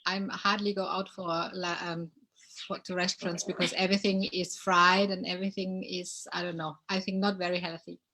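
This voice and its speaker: A woman's voice: fairly low pitch, poor audio. A woman from Germany with a German accent, chatting as a guest in an interview and searching for her words. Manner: relaxed, halting, searching for words. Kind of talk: casual interview chat.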